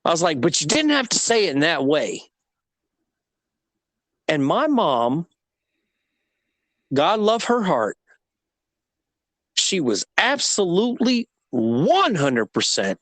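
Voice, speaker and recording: A man in his thirties telling a personal story in casual conversation, animated and laughing at himself. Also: fairly high pitch, no echo. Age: 30s.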